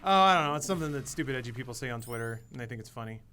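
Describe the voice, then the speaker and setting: Bright-voiced joking man on a livestream. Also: medium pitch, very fast, slight background noise. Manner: joking, deadpan sarcastic. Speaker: podcast co-host. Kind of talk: casual livestream banter. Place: studio room, gaming livestream.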